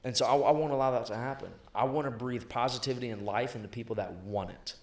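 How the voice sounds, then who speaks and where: A man's quick-fire, punchy voice carries his points as a guest in a sales interview, blunt and often profane, hammering each line home by repeating it. The room rings with a noticeable echo around him. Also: mid-range voice. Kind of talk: motivational interview talk. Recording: echoey room.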